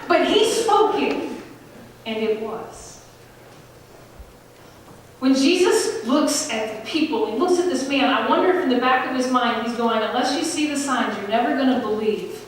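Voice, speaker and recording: A woman pastor preaching a sermon, conversational and emphatic, slowing down to stress key phrases. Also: a little high, a little hiss or hum. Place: large church sanctuary. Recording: echoey hall, voice from far off.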